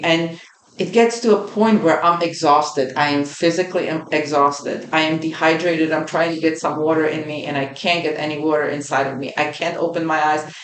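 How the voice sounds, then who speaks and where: A woman host recounting a personal experience in an earnest, vivid way, repeating phrases for emphasis. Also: sits low. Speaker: podcast host. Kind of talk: personal storytelling. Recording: roomy echo.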